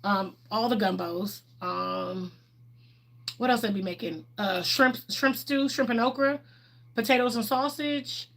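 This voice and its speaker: Her unhurried voice is fairly high-pitched and fairly bright. She's a middle-aged Texan livestream host who chats candidly, fields viewers' questions and laughs a lot.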